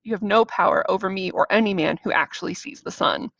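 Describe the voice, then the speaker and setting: Proud angry king, scornful and accusing, gravelly edge, dull dry recording, read by a woman. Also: medium pitch, fast talker, fairly bright tone.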